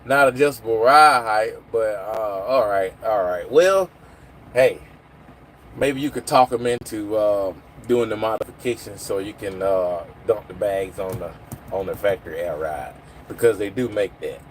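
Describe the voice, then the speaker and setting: A man's voice: fairly low pitch, measured pace. Man, phone livestream host, rambling casual chat, faint traffic noise behind. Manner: rambling, chatty, answers chat comments. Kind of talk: casual live chat with viewers.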